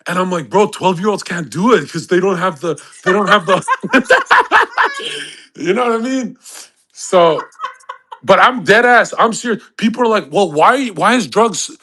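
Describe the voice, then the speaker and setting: A man in his thirties, hosting a casual live audio chat, rambling loudly, laughing and acting out the voices of people he quotes. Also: high voice, normal speed. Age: 30s. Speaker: host.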